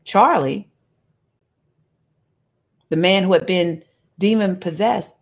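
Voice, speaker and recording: Animated woman preaching a sermon. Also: fairly low pitch, takes it slowly. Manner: animated storytelling, jokes and voices, casual asides. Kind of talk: sermon, reading scripture with commentary.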